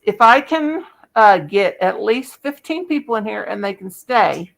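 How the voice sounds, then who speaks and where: Folksy woman hosting a live chat, gravelly and chatty. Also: mid-range voice, expressive, unhurried, rough recording. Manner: chatty, folksy, addresses viewers by name. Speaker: livestream host. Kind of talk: casual livestream chat.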